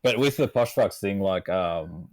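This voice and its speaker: Brief: young aussie bloke, very low voice, dry close sound, rambling sweary storyteller. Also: male voice, animated, measured pace, dry recording. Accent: Australian. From Australia. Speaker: podcast guest. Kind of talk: casual podcast chat.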